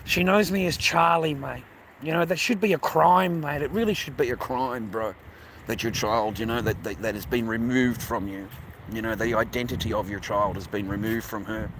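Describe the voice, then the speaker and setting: A man's voice: mid-range voice, steady tone, normal speed, fairly bright tone, slight background noise. A man talking casually to his viewers while walking outdoors by a beach, blunt and full of swearing, calling them mate and bro. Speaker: vlogger. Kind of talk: casual walking vlog monologue.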